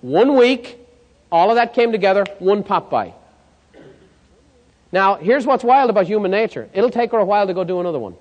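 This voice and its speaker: A man's voice: high voice, moderate pace, long pauses, muffled recording. Guy doing a sales coaching seminar, storytelling, keeps asking the crowd if it makes sense, big hall echo. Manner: lively storyteller, checks in with the audience. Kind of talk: live seminar talk. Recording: long hall reverb.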